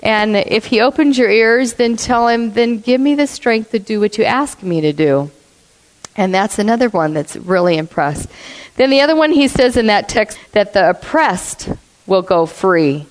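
A woman telling a story in a sermon, blunt and animated, acting out what people said. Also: medium pitch, moderate pace. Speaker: church speaker. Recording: long reverb of a hall.

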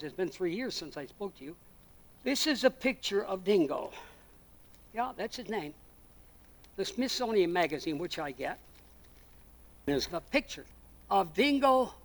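A male pastor preaching a sermon, calling out questions to the congregation and swinging between loud and soft. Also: high voice, big pitch swings, moderate pace, long pauses, poor audio. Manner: preachy, rises and drops in volume, asks the congregation questions.

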